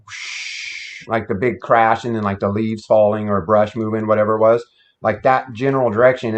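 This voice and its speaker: A man telling a story about his past in a casual, plain-spoken, folksy way. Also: lowish voice. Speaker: guest telling an encounter story. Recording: dull lo-fi sound.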